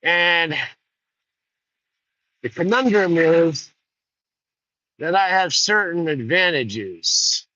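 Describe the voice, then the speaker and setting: A man's voice: a little high, expressive, extremely slow, pauses often, sharp tone, dry recording, voice pushed up, full character voice. A man voicing a cocky young gunslinger, drawing out each smug word, on a dull lo-fi recording.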